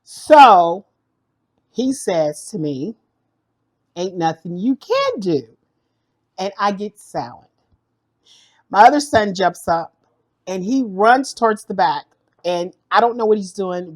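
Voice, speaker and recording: A middle-aged woman, host of a cooking channel, tells in a lively vlog how her account got hacked, acting out the panic. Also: medium pitch, slow pace, pauses often. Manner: animated, acts out the panic in her story. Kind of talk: storytelling vlog.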